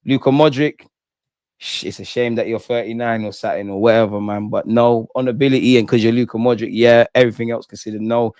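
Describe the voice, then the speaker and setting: A man's voice: mid-range voice, steady tone, a little fast, a little mellow, smooth, no echo, studio quality. Slangy man reacting to live chat. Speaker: football channel host. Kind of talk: casual live-stream reaction.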